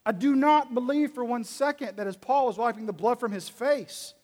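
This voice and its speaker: A man delivers a sermon as a pastor, with a notably high voice. He tells the story in relaxed, conversational language and slips into quoted lines along the way. The sound carries the long reverb of a large hall. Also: moderate pace.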